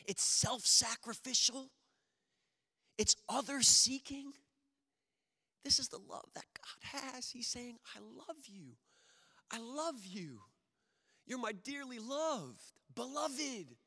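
A man preaching a sermon to his congregation, swinging from booming emphasis to hushed intimacy. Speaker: pastor. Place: church sanctuary. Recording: long hall reverb.

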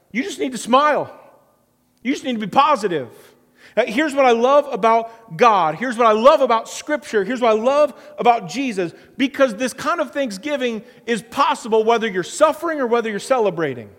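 Man, pastor, high-pitched voice, earnest preaching cadence, long hall reverb. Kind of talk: sermon.

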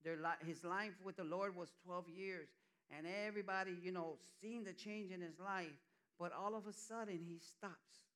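A middle-aged church elder preaching a conversational sermon, often acting out what people say. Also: male voice, sits high, steady tone, moderate pace, fairly bright tone, smooth.

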